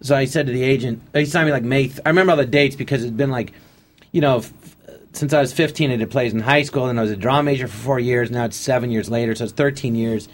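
A man's voice: medium pitch, fast talker. Chatty man acting out old stories. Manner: animated anecdotes acting out quotes. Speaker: interview guest. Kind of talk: casual storytelling.

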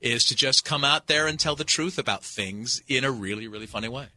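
A man telling stories in a casual radio interview, animated and full of restarts, as a comedy performer who is a guest. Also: mid-range voice, no echo. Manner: animated storyteller, halting restarts.

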